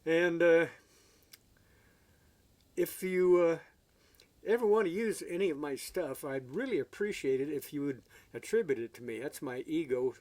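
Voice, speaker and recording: Man with a slightly high voice, folksy storyteller, halting, lots of fillers. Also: animated, darkish tone. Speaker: amateur songwriter and guitarist. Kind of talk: casual storytelling.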